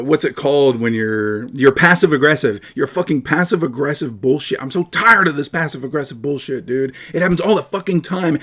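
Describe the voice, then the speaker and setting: A man's voice: a little high, a bit bright. A man ranting profanely and mocking his opponent in a heated livestream argument. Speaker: livestream guest.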